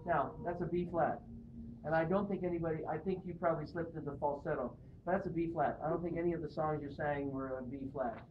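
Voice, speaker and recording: A man coaching a chorus in an animated, encouraging way, his voice a little higher than most. He is heard from across an echoey hall on a tinny, hissy recording. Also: fast talker, distant mic. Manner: animated, encouraging, demonstrates vocal exercises. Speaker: singing judge. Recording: echoey room picked up from afar on a lo-fi, noisy device.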